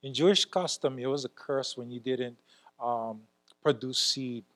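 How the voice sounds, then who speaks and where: A man preaching a sermon as a church elder, talking emphatically and swinging between loud exclamations and quiet asides. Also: mid-range voice, unhurried.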